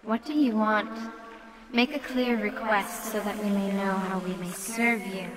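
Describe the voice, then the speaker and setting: A woman's voice: mid-range voice, fairly even intonation, unhurried, big-room sound, music in the background, close to an everyday voice. A woman voicing an ancient female water spirit who speaks in a stern, formal way.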